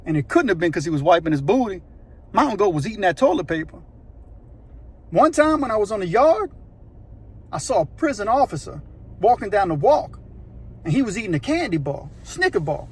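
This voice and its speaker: Man, high voice, casual animated prison storytelling. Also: fairly quick, pauses often, slightly rough. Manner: animated, slangy, acts out voices and sounds. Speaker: storyteller recounting prison life.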